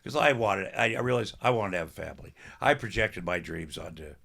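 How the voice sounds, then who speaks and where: Gravelly older man telling rambling jokes. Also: low voice, expressive, a little fast, sharp tone. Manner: rambling anecdotes, self-deprecating jokes, salty language. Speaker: podcast guest. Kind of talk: casual comedic storytelling.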